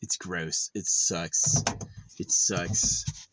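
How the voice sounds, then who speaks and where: A man's voice: deep voice, fairly even intonation, drawn-out words, very noisy. A man on a profane, agitated ranting monologue, often repeating himself. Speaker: vlogger.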